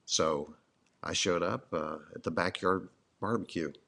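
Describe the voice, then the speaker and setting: A middle-aged man with a very low voice recounts his side of a love story. He sounds easygoing and wry, with small fillers as he talks. The telling stays relaxed and unhurried. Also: vocal fry.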